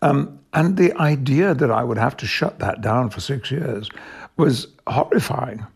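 Older actor, gravelly husky voice, unhurried anecdotes, chuckles often. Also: male voice, medium pitch, lively intonation, a little mellow. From Yorkshire, England. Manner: measured storytelling with frequent chuckles. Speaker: actor, interview guest. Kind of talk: conversational anecdote.

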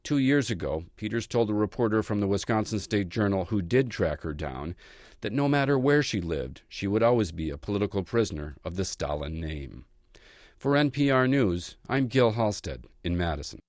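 A man delivering a scripted radio news report in a measured, even manner. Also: fairly low pitch, dry recording, studio quality.

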